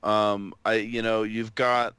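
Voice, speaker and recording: A hesitant man co-hosting a podcast, his voice smooth and clear in a dry, close recording. He halts and fills gaps as he works out what to say. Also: fairly low pitch, flat delivery, a bit bright, no room sound. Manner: hesitant, halting with fillers. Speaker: podcast co-host. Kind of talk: casual chat.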